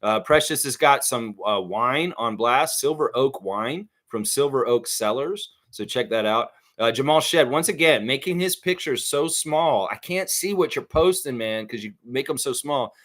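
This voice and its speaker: A man's voice: mid-range voice, lively intonation, normal speed, few pauses, a bit bright. A man hosting a live basketball fan stream, chatting casually as he reads viewer comments and laughs often. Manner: chatty, laughs often, sings snippets, many fillers. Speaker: sports livestream host.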